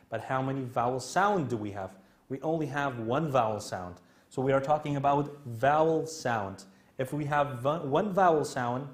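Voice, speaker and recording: A man with a Kurdish accent, a native Kurdish speaker, teaching an English grammar lesson, explaining step by step and often checking in with "okay?". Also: mid-range voice. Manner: slow, repetitive explaining with many "okay?" checks.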